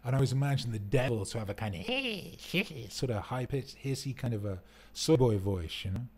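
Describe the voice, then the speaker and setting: Easygoing man of average pitch hosting a home live stream, loose and rambling. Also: fast, darkish tone, breathy edge. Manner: rambling, laid-back, laughs often. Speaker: livestream host. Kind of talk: casual live-stream chat. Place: indoor rental home. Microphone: desk mic for streaming, wearing headphones.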